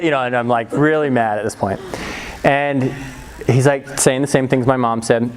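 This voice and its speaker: Animated storytelling man, lively pitch. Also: a little fast, slight background noise, rough recording. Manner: animated, acts out quoted voices with big pitch jumps; laughs often while telling. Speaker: speaker. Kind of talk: storytelling talk.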